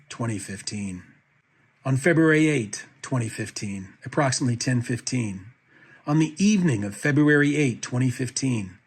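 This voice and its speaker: A man reading a court petition aloud as a commentator, with a steady, even delivery. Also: lowish voice, slightly rough.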